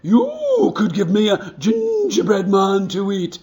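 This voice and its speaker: A man voicing a contented cow with a slow, drawn-out, lowing delivery. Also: wildly swooping pitch, darkish tone, exaggerated voice. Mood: pleading. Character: slow, contented cow who loves gingerbread.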